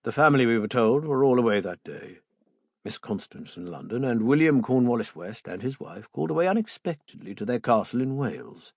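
A man narrates a story in a measured first-person tone, and his pitch moves expressively. His voice is slightly husky, and the recording is close and dry. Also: no echo. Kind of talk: audiobook narration.

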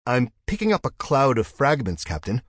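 A man's voice: mid-range voice, huge pitch swings, moderate pace, breathy edge, no echo, clean studio sound, voice pushed up. A man voicing a tense starship scanner officer in an audiobook, giving clipped, raised reports. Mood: focused.

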